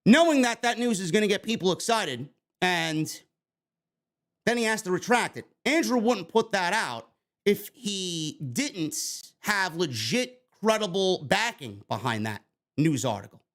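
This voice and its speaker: A man's voice: sits high, expressive, measured pace, a bit bright. A man with a New York accent hosting a wrestling review show, ranting in a heated, profane, sarcastic way. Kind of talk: ranting commentary.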